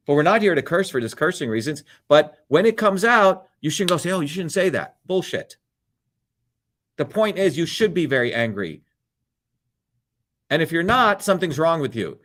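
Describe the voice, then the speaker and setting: A man hosting his own live show, delivering a fiery, blunt and profane monologue. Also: a little high. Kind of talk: livestream monologue.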